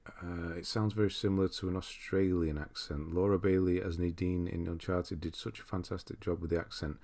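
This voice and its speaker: A man's voice: deep voice, fairly even intonation, brisk, darkish tone. A young British man hosting a casual livestream, chatting loosely, reading out viewer comments and laughing often. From Britain. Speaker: livestream host.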